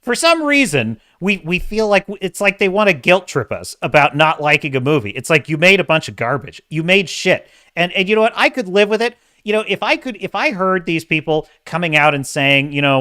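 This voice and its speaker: A man's voice: a little high, big pitch swings, normal speed, bright, forceful tone, no room sound, clean studio sound. A man hosting a casual commentary show, ranting in an emphatic, exasperated way. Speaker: host.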